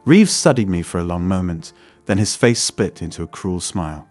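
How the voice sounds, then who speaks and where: Low-voiced male story narrator. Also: animated, normal speed, hardly any pauses, a little mellow, no room sound, faint music behind. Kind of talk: scripted first-person story narration.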